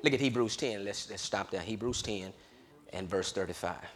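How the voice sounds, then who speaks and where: A man preaching a sermon, swinging between loud hollering and low murmurs and laughing often. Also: moderate pace.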